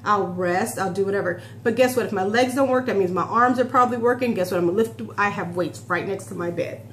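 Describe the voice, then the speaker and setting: A woman in her forties vlogs in a chatty, heartfelt way, close to tears and often starting sentences over. Her voice sits at a middle pitch. The room around her is echoey, with a faint hum underneath. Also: fast, a bit bright. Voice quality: emotional and chatty, with restarts. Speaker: vlogger. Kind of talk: casual talk to camera.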